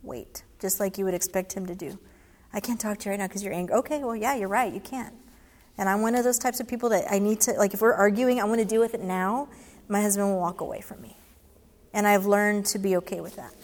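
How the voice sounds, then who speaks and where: A woman's voice: mid-range voice, fairly quick, a little mellow. Woman, candid advice talk, conversational, long hall reverb. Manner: candid, conversational, quotes her own exchanges. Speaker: speaker answering audience questions.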